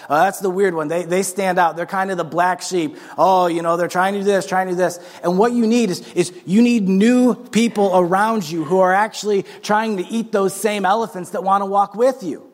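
Pastor guy preaching, earnest n urging, kinda high voice, big churchy echo. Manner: earnest, urging, speaks straight to the congregation. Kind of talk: sermon. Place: large church hall. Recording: long hall reverb.

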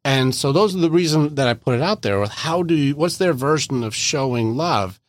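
A man's voice: fairly high pitch, expressive, normal speed, no room sound, studio quality. A man hosting a podcast interview, talking casually and animatedly, acting out little quoted exchanges in playful voices. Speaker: podcast host.

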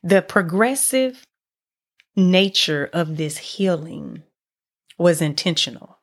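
Woman podcast host, lower pitch, earnest devotional storyteller. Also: slow. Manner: earnest, expressive storytelling with many restarts. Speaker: podcast host teaching on faith. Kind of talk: devotional teaching monologue.

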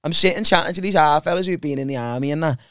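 Fast-talking scouse lad telling stories. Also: male voice, on the high side, fairly bright tone, clear, resonant tone, dry recording, clean studio sound. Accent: Liverpool. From Liverpool, England. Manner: rambling, slangy, lots of fillers and restarts. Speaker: podcast guest. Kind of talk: casual chat, comic storytelling.

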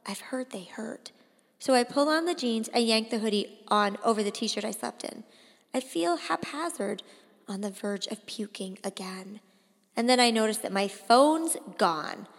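A woman narrating a first-person audiobook in an expressive, deliberate way. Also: a little high, vocal fry, long reverb tail. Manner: expressive, slow and deliberate, rising to cries in dialogue.

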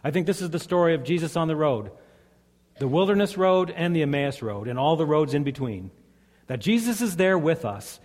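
A man's voice: mid-range voice, a little mellow. A man preaching a sermon as a pastor, earnest and conversational, telling stories to his congregation. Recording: long hall reverb.

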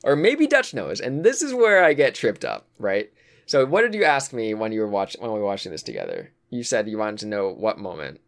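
Low-voiced man musing in casual chat. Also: very animated, fairly quick, vocal fry. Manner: thinks aloud with frequent fillers and sighs. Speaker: co-host discussing a video game.

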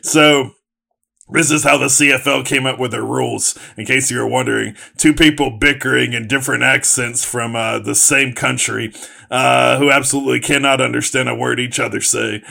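Gravelly, sarcastic man riffing on sports. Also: medium pitch, steady tone, moderate pace, sharp tone. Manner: rambling, sarcastic, lots of fillers. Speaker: podcast co-host. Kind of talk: casual sports chat.

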